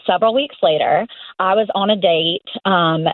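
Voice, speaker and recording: A woman in her thirties calling in to a talk show, telling a story with lively laughs. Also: fairly low pitch, normal speed, dry recording. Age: 30s. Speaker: caller. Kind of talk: casual storytelling on a call-in show. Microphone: phone call. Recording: tinny phone line.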